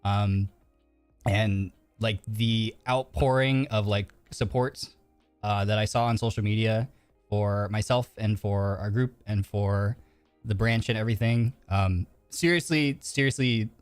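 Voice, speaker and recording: A man's voice: mid-range voice, no room sound. Nervous rambling young-sounding streamer guy. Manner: rambling, heavy use of "like" and fillers; earnest and grateful, openly emotional. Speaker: virtual streamer. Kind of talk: casual live-stream chat. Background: faint background music.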